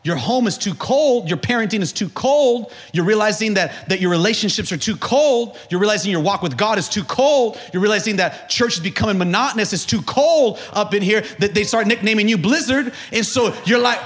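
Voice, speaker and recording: High, lively-voiced preaching pastor. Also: male voice, brisk, few pauses. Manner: preaching with rising shouts and humor, call-and-response. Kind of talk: sermon.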